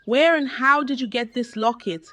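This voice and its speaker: A woman voicing a gentle, firm grandmother. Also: normal speed, natural voice. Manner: gentle but firm, slightly higher pitch. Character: elderly wealthy grandmother, gentle but firm.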